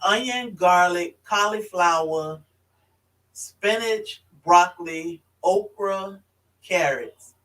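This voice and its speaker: A man co-hosting a casual live-stream chat, relaxed and easygoing as he reads viewer comments. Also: sits high, takes it slowly, poor audio. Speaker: co-host reading viewer comments.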